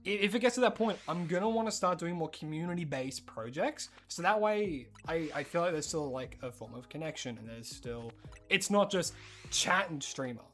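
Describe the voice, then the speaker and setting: A streamer with an Australian accent, chatting casually and rambling while playing, breaking into excited disbelief. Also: medium pitch, moderate pace, soft background music. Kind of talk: casual live-stream chat while gaming.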